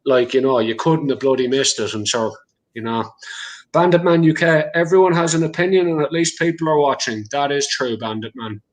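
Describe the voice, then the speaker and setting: A man's voice: mid-range voice, fairly even intonation, fairly quick, poor audio. A man with a rural Leinster Irish accent hosting a livestream chat over a video call, rambling with lots of fillers. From Ireland. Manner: rambling, many fillers, laughs easily. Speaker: livestream host. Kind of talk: casual chat.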